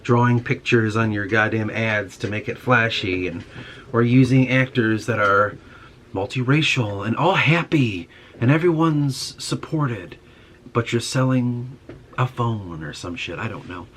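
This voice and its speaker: A man's voice: mid-range voice, a little slow, fairly bright tone, a little hiss or hum. A young man in a casual monologue, ranting with frustration and heavy swearing. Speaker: podcast host.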